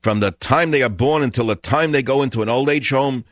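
A man's voice: mid-range voice, fairly quick, dry recording, muffled recording, close to an everyday voice. A man putting on a grandiose, mocking voice as a male president giving a speech.

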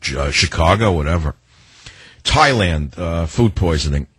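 An older man talks in a rough, breathy, husky voice with a fairly low pitch. He rambles on, sardonic and free-associating, like a talk radio host holding forth. The sound is dry and close to the mic. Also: lively intonation, moderate pace, a bit bright, dry recording. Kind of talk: opinionated talk radio monologue.

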